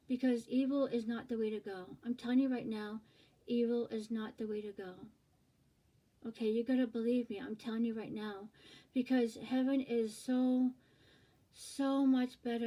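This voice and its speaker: Earnest woman preaching, mellow tone. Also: a little high, poor audio. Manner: repetitive, earnest, acts out short voices. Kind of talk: informal preaching to camera.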